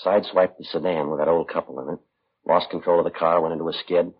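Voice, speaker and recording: An actor playing a terse, steady police detective with a clipped, matter-of-fact delivery in an old radio drama. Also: male voice, low voice, fast, husky. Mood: flat. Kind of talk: 1950s radio drama acting. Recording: dull old radio broadcast.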